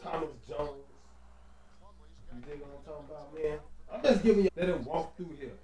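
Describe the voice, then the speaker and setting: Slangy, excitable gaming commentator man. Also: on the high side, normal speed, roomy sound. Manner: loose, slangy and excitable, with "you dig" and "man" fillers. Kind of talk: casual gameplay commentary.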